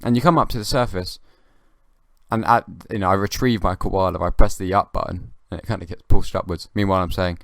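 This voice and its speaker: A young man hosting his own comedy podcast, rambling in a halting, dry way with many restarts. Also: deep voice, steady tone, creaky, a bit bright, no room sound. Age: young adult. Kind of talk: rambling comic monologue.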